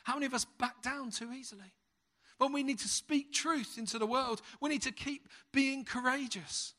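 A man's voice: very high voice, normal speed. A man with a British accent preaching a sermon, telling stories with humour and animation. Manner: humorous, lively storyteller.

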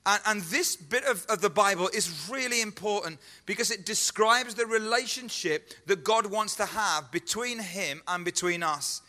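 A man delivers an earnest sermon, pressing his point with repeated lines and rhetorical questions. His voice sits high and sounds bright and forceful. It rings with the long echo of a church hall. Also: normal speed, few pauses. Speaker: pastor. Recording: echoey hall.

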